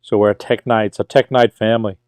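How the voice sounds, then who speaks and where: A man's voice: on the low side, flat delivery, quick pace, darkish tone, dry recording. A middle-aged man from Brooklyn with a New York accent, hosting a casual livestream as a tutor and chattily reading out viewer questions before answering them.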